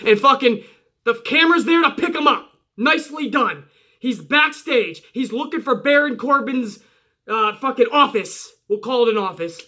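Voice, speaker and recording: A man reviewing a wrestling show in a casual, excitable recap, often acting out what the people on it said. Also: extremely high pitch, moderate pace. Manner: excitable, acts out quotes from the show.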